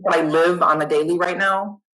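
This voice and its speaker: Bright lively woman telling her story. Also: lowish voice, a little fast, rough recording. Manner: animated, self-deprecating, swears casually. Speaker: nurse educator guest. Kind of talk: casual interview chat.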